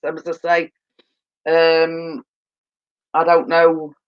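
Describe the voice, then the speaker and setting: Woman host, tired with a cold, slow rambling chat, muffled lo-fi phone sound. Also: deep voice, monotone, smooth. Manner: rambling, filler-heavy, repeats "as I say". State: tired and yawning, coming down with a cold. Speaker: livestream host. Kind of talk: casual chat.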